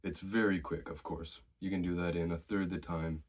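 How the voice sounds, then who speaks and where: Talking at a normal speed, a fitness vlogger with a very deep voice gives casual advice to camera about his training routine. His tone is relaxed and conversational, he's still a touch breathless, and he draws on what he has experienced himself.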